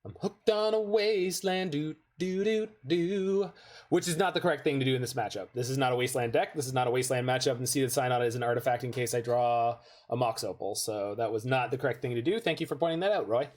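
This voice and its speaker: A man's voice: mid-range voice, fast, few pauses. A man giving chatty, rambling gameplay commentary while playing an online card game, with jokey asides.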